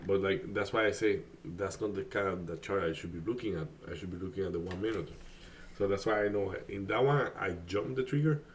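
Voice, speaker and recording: A man's voice: low-pitched, fairly quick, slight background noise. A man whose first language is Spanish, chatting casually on a live stream, rambling with many fillers and restarts. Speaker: day trading streamer.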